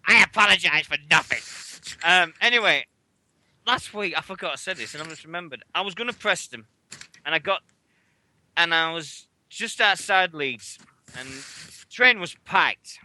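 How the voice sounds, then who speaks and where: A man's voice: high voice, lively intonation, normal speed, long pauses, sharp tone, no room sound. A British man hosting a wrestling radio show, swearing constantly as he rambles through stories. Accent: British English. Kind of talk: casual chat.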